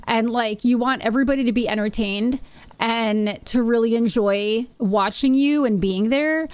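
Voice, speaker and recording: A woman's voice: on the high side, moderate pace, darkish tone, clean tone. A woman live-streaming from her home setup, chatting casually with her viewers in a rambling way and often repeating her phrases. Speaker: Twitch streamer.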